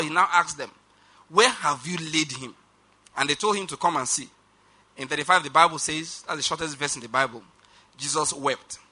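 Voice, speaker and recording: A man preaching a sermon, reading scripture aloud and slowing down to stress key lines while urging the congregation to respond. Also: a little high, pushed and bright. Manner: reads scripture aloud, slows for emphasis, urges the congregation.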